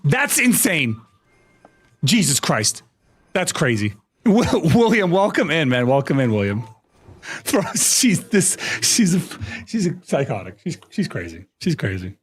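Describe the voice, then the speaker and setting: A man chatting on a live stream in a high, animated voice that leaps around his range. He sounds exasperated, swears freely and laughs often, with faint music playing behind him. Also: a little slow, husky. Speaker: VTuber streamer. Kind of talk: casual live-stream chat.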